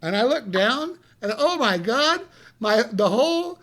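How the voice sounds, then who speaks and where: A man telling a story casually on a live stream, animated, swearing freely and laughing as he goes. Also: extremely high pitch, measured pace.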